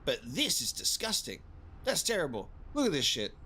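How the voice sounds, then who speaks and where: A man hosting casual gameplay commentary, excitable, prone to swearing and laughing outbursts. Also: a little high, moderate pace, slight background noise. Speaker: gaming video host.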